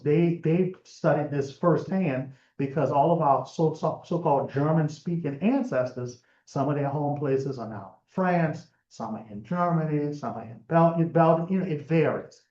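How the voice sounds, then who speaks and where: A man's voice: a little high, normal speed, hardly any pauses, a little mellow. A man giving a conversational genealogy lecture, explaining step by step with frequent fillers and restarts. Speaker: genealogy presenter. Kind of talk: lecture presentation. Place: lecture room. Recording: roomy, muffled lecture recording.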